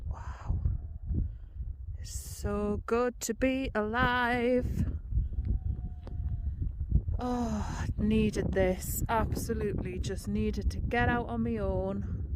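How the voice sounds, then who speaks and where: Unhurried woman on a windy hilltop. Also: mid-range voice, fairly even intonation. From Northumberland. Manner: gushing, chatty, slow and savouring. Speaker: outdoor vlogger. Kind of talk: casual vlog to camera. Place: open hilltop at sunset, outdoors. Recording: loud outdoor wind noise. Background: wind and countryside ambience.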